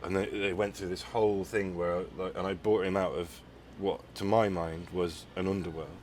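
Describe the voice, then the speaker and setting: A man's voice: low-pitched, level tone, normal speed, a little mellow, slight background noise. A man hosting a podcast, talking in a rambling casual way with many restarts. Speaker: podcast host. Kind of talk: casual conversation.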